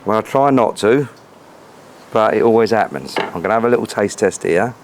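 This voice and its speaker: A man's voice: fairly low pitch, animated, moderate pace, noisy background. A man chatting cheerfully as he cooks outdoors, joking and swearing a lot. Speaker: cooking vlogger. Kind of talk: casual cooking chat to camera. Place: outdoors at a grill.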